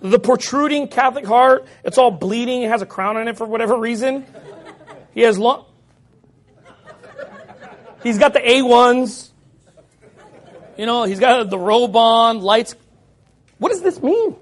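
A man preaching a sermon as pastor, forceful and loud at times, mocking the voices of his critics. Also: very high-pitched, measured pace, long pauses.

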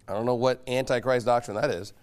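A man preaching a sermon as pastor, emphatic and mocking, pressing his points with loud insistence. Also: mid-range voice, fairly even intonation, fast talker. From United States.

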